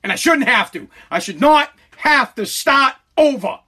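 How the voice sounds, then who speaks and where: Man, podcast host, high voice, bright tone, angry profane rant, stammering. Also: lively intonation, unhurried, slightly rough. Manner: profane, agitated ranting with repeated stammers.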